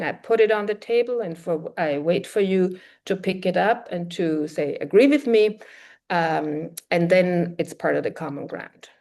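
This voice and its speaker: A woman lecturing on linguistics in a fairly low voice, working through her ideas aloud. She pauses on "um" and "uh", restarts her sentences, and voices brief quoted dialogues to illustrate her points. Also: darkish tone. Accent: German-speaking European. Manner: explanatory, many fillers and self-corrections; acts out short quoted exchanges. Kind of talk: academic lecture.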